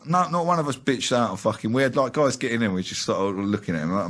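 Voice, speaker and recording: A young man, talking fast as an interview guest, ranting and swearing heavily in casual chat. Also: medium pitch, a bit bright.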